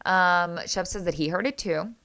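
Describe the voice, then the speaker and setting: Woman w a lowish voice doing a reality show recap, chatty, gets worked up, keeps correcting herself. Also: moderate pace. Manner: chatty, opinionated, animated reactions; often restarts and corrects herself. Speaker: TV recap host. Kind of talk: casual reality TV recap commentary.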